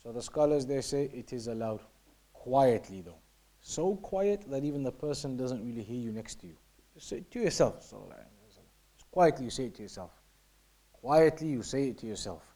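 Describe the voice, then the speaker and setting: A man's voice: medium pitch, animated, a little fast, dark tone. A man teaching a religious lesson, reading passages and explaining them in English. He repeats his points often and sometimes drops to a near-whisper to show how something is said. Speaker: teacher of Islamic law.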